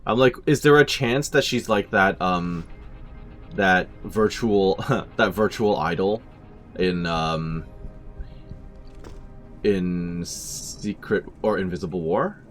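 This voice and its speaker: A man's voice: low-pitched, takes it slowly, pauses often, a bit bright. A man giving casual let's-play commentary with chatty, wry asides. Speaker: gaming channel host. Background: game music.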